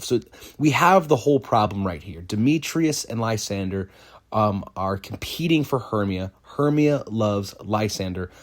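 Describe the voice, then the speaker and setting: Lively low-voiced man teaching Shakespeare. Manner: lively, talks to the listener as a friend, reads verse aloud slowly. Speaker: teacher and actor explaining Shakespeare. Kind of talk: casual explanatory lesson.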